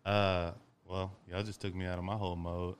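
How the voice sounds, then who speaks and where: A man's voice: low voice, level tone, moderate pace, slight background noise. A man hosting a casual podcast, rambling in slang and calling people "bro". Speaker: podcast host.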